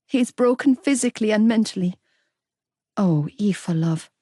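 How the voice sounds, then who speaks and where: A woman's voice: mid-range voice, lively intonation, a little slow, dark tone, dry recording. A woman voicing a heartbroken, fiercely loyal young woman close to tears in an audiobook. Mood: anguished. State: crying.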